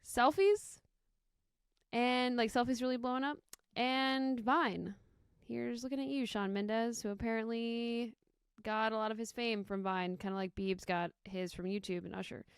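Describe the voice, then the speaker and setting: A woman's voice: a little high, fairly even intonation, measured pace, smooth, dry recording, studio quality. A young woman co-hosting a podcast in casual chat, joking and saying "like" a lot. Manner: chatty, joking, heavy use of "like". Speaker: podcast co-host.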